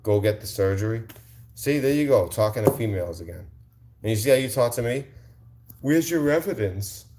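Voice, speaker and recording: A man's voice: on the low side, fairly quick, dark tone, a little hiss or hum. A male livestream host answering his chat in a combative, mocking rant, repeating his insults.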